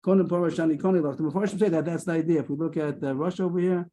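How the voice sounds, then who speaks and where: Leading a Talmud study by video call, this man thinks aloud with frequent restarts, hesitant phrasing, and brief asides. The voice is fairly high, steady, and warm.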